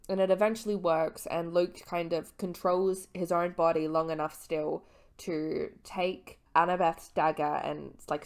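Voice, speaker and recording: A tipsy woman talks straight into her camera, slurring her words as she rambles through a book recap. She swears freely and breaks off into giggly asides. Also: sits low. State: drunk, slurring. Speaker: book vlogger. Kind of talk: casual book series recap.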